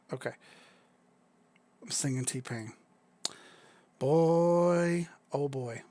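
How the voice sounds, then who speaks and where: A young adult man hosting a casual crypto livestream, chatty and excitable, swearing freely as he talks viewers through charts. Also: a little high, measured pace, long pauses.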